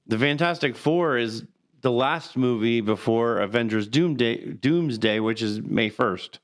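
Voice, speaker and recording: A man co-hosting a podcast in quick, animated casual chat, often tripping over repeated words. His voice is smooth and resonant at a middling pitch. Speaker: podcast co-host.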